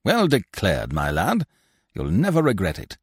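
A man's voice: fairly low pitch, wildly swooping pitch, a little slow, slightly rough, no room sound, full character voice. Man voicing a sly stout theatre manager, wheedling, hearty, swooping voice, dry sound. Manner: bluff, wheedling, emphatic. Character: heavy, sly, leering middle-aged male theatre manager.

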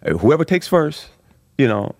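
A man's voice: a little high, normal speed, no room sound. A middle-aged man talks with a lot of movement in his voice, rising and dipping as he spins his stories. The sound is dry and close, and his sentences restart and pile up as he goes. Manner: animated storyteller, frequent restarts, swears freely. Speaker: comedian guest. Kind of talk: casual podcast chat.

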